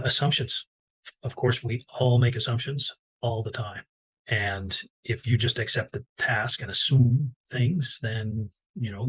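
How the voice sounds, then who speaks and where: Husky low-voiced man coaching. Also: rough recording. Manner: relaxed, conversational with fillers. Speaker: business coach. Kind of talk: instructional talk to camera.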